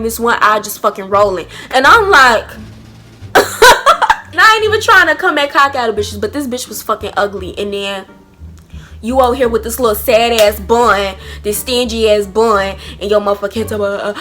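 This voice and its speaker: A young woman telling a blunt, profane storytime vlog with animated energy. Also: on the high side, a little fast, soft background music. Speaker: vlogger.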